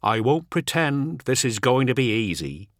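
A man's voice: mid-range voice, sing-song, measured pace, no room sound, clean studio sound, pitched above the performer's own voice. A man voicing a determined, protective traveller who gives firm, urgent commands. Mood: reassuring.

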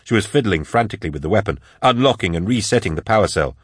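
A man with a low voice narrating an action audiobook steadily and dramatically. The recording is dry and close, made in a studio booth. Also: lively intonation, quick pace, slightly rough, dry recording.

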